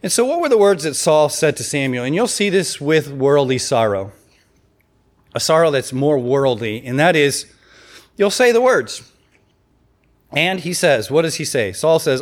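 A man's voice: a little high, sing-song, moderate pace. A man preaching a sermon in a conversational way, reading scripture and acting out the quotes.

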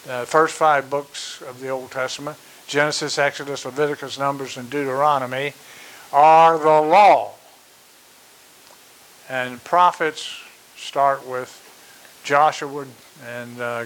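Slow, deliberate man preaching a sermon. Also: mid-range voice, flat delivery, a bit bright, low-quality recording. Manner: slow and deliberate, with repeated emphasis and fillers.

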